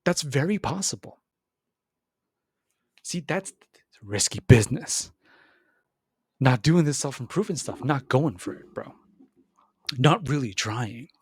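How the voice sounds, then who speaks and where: A man hosting a podcast, giving an animated motivational monologue, repeating words and acting out other voices. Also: a little slow, long pauses, slightly rough, no echo. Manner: animated, repeats words, acts out voices with big pitch jumps. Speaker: podcast host.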